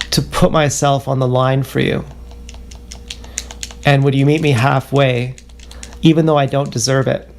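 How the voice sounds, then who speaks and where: A man livestreaming a rambling confessional monologue, halting and self-questioning, circling back over the same words. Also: medium pitch, gravelly, a little mellow, a little hiss or hum.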